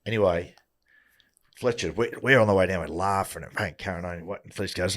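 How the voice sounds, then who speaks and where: A middle-aged man telling animated anecdotes in casual podcast chat, acting out what people said. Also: low-pitched, fairly quick. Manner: animated anecdote-teller who acts out dialogue. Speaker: podcast guest.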